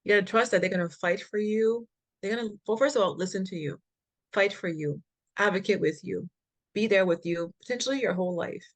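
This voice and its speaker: A woman's voice: medium pitch, brisk. A woman who founded a health foundation, telling her story as an interview guest in an earnest, emphatic way and laughing between points.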